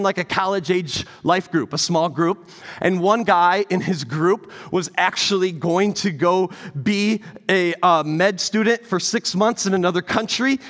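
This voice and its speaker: Pastor, man, preaching live; lively delivery that swings from emphatic to hushed, a bit high-pitched, reverberant sanctuary sound. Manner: animated, swings from loud emphatic peaks to quiet intimate storytelling. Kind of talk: sermon. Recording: long hall reverb.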